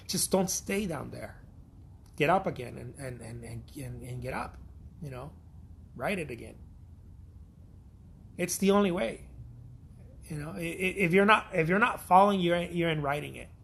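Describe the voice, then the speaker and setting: A man's voice: fairly high pitch, animated, measured pace, vocal fry, pauses often, fairly bright tone, slight background noise. A man from Mexico, an artist giving a blunt, profane, repetitive pep talk in a casual vlog.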